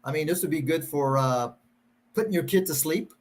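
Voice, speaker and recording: High-voiced sarcastic middle-aged man. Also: moderate pace. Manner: sarcastic, mocking. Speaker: show host. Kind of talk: casual chat, reading verses aloud.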